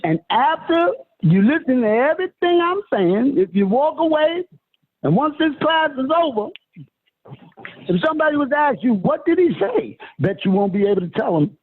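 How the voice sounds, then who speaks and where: High-voiced man preaching over a phone line. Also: sing-song, moderate pace. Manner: emphatic, sweeping pitch, calls listeners honey and sister. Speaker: self-styled spiritual teacher. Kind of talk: preaching lecture on a phone call. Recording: tinny phone line with faint hiss.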